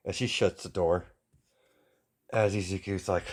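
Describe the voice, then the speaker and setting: A man's voice: low-pitched, steady tone, measured pace, pauses often. A man narrating an improvised fan story in a casual, loose way with small stumbles.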